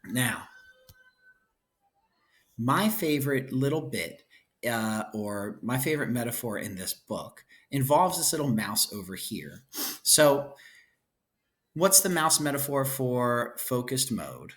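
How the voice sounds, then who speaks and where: A male teacher talks his class through a textbook chapter in a relaxed, conversational way. He drops playful asides and checks in with his listeners after almost every point. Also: mid-range voice, takes it slowly, pauses often. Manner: chatty, checks in constantly with "right?" and "okay?"; playful asides, enthusiastic about cute pictures. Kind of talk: casual lecture walking through a book chapter.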